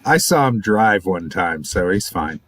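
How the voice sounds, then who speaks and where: A man's voice: low voice, sing-song, unhurried, a loud crowd. A man co-hosting a casual livestream, telling crude jokes and stories. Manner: crude, joking storyteller. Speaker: podcast co-host.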